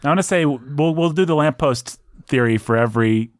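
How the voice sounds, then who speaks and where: A man hosting a book podcast in casual chat, often laughing and breaking into animated asides. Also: fairly high pitch, brisk, no echo, clean studio sound. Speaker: podcast host.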